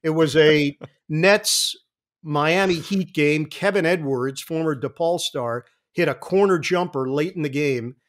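Animated man in his fifties telling stories. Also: a little high, measured pace. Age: 50s. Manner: vivid storyteller, animated. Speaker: guest sportscaster. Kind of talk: anecdotal interview talk.

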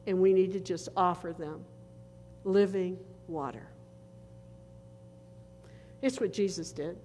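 A woman pastor delivers a sermon in slow, deliberate phrases, pausing for weight between her lines. Her voice carries through a church sanctuary with a long reverberant tail and a faint hum of noise behind it. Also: on the low side, fairly even intonation, dark tone. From northern United States. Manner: slow, earnest preaching with dramatic pauses.

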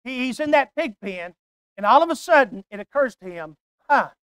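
An older man preaching a sermon, emphatic and repetitive, swinging from hushed asides to loud declarations. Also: very high voice, sing-song, brisk, clear, resonant tone, dry recording.

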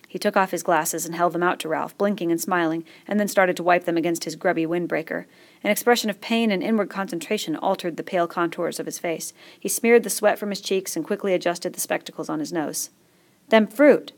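Low, gravelly woman narrating a story. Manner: steady, measured storytelling. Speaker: audiobook reader. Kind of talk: scripted narration.

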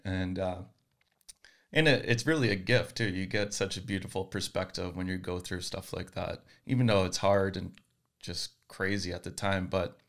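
A man's voice: sits low, fairly even intonation, normal speed, fairly bright tone. A man hosting an interview, affirming his guest and summing up her story back to her. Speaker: interview host. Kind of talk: conversational interview.

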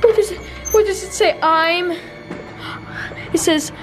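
A woman hosting a staged scary vlog at home. She talks in a panic, repeating pleas and denials and swinging between shrieks and low murmurs. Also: a little slow. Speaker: YouTuber host. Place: at home indoors. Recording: loud music under the voice.

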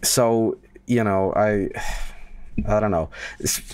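A man chatting to viewers on a live game stream, rambling and swearing, bursting into loud yelling at times. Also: fairly low pitch, takes it slowly, smooth, dry recording. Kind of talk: live gameplay stream chat.

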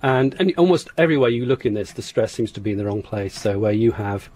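A man's voice: fairly low pitch, animated, fast talker, a little mellow. A man, a phonetics expert, explaining in an interview, hesitant with restarts and easy laughs.

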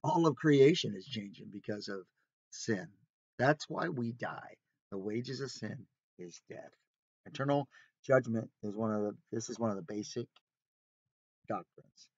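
A man's voice: fairly low pitch, unhurried, pauses often, a little mellow, dry recording. A man leading an informal Bible study, speaking conversationally with rhetorical questions and emphatic asides. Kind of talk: informal sermon. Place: recreational vehicle. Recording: dry, dull lo-fi sound.

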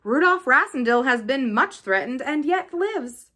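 A woman voicing a reckless, spoilt young nobleman who talks loud and merry with a sneer. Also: sits high, animated, measured pace, exaggerated voice. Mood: mocking.

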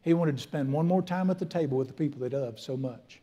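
A man's voice: a little high, fast talker, mellow. Folksy preacher man. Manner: folksy, emphatic preaching with Southern slang. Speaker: pastor. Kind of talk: sermon. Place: church sanctuary.

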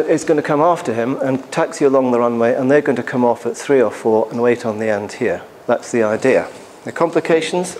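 A man's voice: medium pitch, a little mellow, slight background noise. A man, an airline pilot, giving a conversational and emphatic conference presentation in a hall, with asides to the audience.

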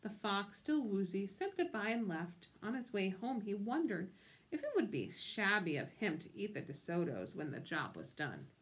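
A woman's voice: medium pitch, big pitch swings, moderate pace. A woman reading a picture book aloud with expression, stopping to ask her listeners questions. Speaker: storytime reader.

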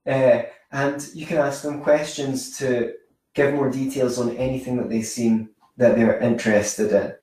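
A man teaches social skills in a loose, rambling way, full of anecdotes and self-corrections. His voice is mid-pitched and comes from a distance, in a strongly echoing room. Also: steady tone, measured pace, darkish tone. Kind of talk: informal teaching monologue. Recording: very echoey room, mic far off.

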